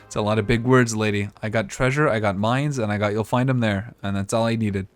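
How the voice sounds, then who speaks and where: A man giving casual, relaxed gameplay commentary as a streamer, chatting and thinking aloud. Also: on the low side, a little fast, hardly any pauses, faint music behind.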